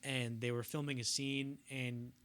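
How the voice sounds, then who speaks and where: A man's voice: medium pitch, level tone, unhurried, a bit bright, clean tone. A young man co-hosting a casual film podcast, rambling through anecdotes and acting out quotes in bursts. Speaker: podcast co-host.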